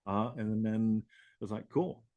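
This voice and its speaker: A man's voice: lowish voice, lively intonation, moderate pace, breathy edge, no room sound, dull audio. A man hosting a live show, talking casually in a rambling way, swearing and laughing often. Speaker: host.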